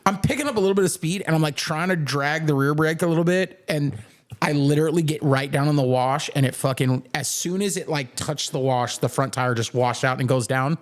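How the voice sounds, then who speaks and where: A man's voice: a little high, brisk. A young man hosting a podcast, telling a rambling, profane story with plenty of swearing and laughter. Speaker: podcast host. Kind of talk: casual chat, storytelling.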